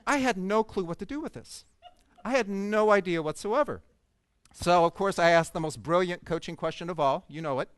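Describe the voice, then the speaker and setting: A man with a fairly high, smooth, resonant voice tells a story to an audience of coaches. He speaks expressively and with humor, and the sound is dry and close. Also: expressive, normal speed, fairly bright tone, dry recording. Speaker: conference speaker. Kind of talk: storytelling keynote talk to coaches. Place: event stage before an audience.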